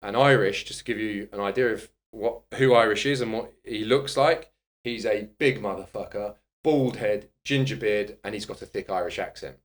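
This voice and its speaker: A man's voice: on the low side, moderate pace. Blunt, swearing middle-aged man. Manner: blunt, swears freely, animated anecdotes. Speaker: guest, personal trainer and author. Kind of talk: candid conversational storytelling.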